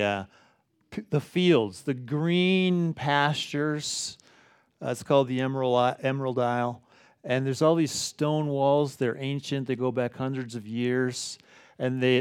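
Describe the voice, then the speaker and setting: A middle-aged pastor, preaching a sermon in a conversational, folksy way. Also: male voice, mid-range voice, clean tone, no echo, clean studio sound.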